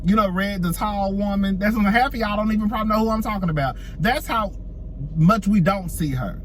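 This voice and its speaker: A man's voice: high-pitched, fairly quick, a little hiss or hum. A man giving sassy, chatty reality-TV gossip commentary, addressing viewers as girl and y'all and laughing often. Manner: laughs often while talking. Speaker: celebrity gossip vlogger.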